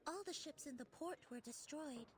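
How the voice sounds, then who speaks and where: A woman's voice: high voice, moderate pace, a little hiss or hum, lightly acted. An actress voicing an earnest young woman assistant in a game who briefs the team.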